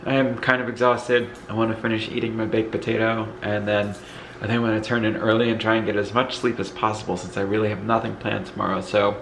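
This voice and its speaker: A man's voice: on the low side, fast talker, creaky, few pauses, a little hiss or hum, low-quality recording. A man with congested lungs and a Northeastern US accent, talking casually in a tired, rambling way while vlogging as he moves around his house. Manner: tired, relaxed and rambling, with fillers. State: congested lungs, occasional coughing. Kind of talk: casual home vlog. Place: house, moving between rooms.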